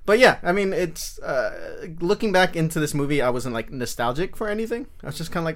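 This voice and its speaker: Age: young adult. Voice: excitable, profane man reviewing a movie. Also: fairly high pitch, fairly quick, few pauses. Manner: profane, excitable, many restarts. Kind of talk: casual podcast chat.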